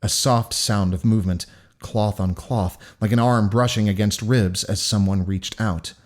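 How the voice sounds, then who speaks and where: A man reading a novel aloud for a podcast in an expressive audiobook style, breaking off to joke between takes. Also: fairly low pitch, a little slow.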